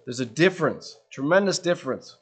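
A man's voice: a little high, expressive, a little fast, breathy edge. Earnest man preaching a sermon. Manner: earnest questioning, dropping soft at phrase ends.

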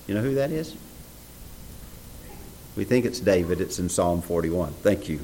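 A man's voice: low voice, moderate pace, long pauses, rough recording. A man preaching a sermon, reading scripture aloud and asking the audience questions. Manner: animated, reads scripture aloud in old English, asks the audience questions.

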